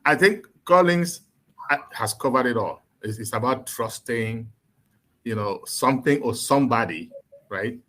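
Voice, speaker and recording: A man's voice: medium pitch, expressive, measured pace, fairly bright tone. A man speaking earnestly and with emphasis as a guest in an online panel discussion.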